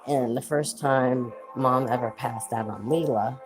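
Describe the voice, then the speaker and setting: A woman with a remarkably low voice tells family stories on a casual livestream. She talks in a chatty way and breaks off to greet viewers. Music plays clearly behind her. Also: measured pace, few pauses, low-quality recording. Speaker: livestream host.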